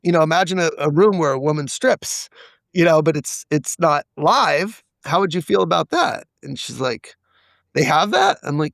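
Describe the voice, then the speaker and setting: Guy with a gravelly voice, dry close sound, opening up on a podcast, voices the back-and-forth lines. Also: on the high side, lively intonation, fairly quick, a bit bright, no room sound. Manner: confessional, acts out quoted dialogue. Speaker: podcast guest. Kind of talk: candid personal storytelling.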